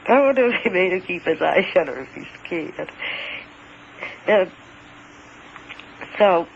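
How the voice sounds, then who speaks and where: Halting high-voiced man on a dull lo-fi tape. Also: expressive, gravelly. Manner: hesitant, halting, repeats words, grows emphatic. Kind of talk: first-person recounting of an encounter. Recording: dull lo-fi recording with faint hiss.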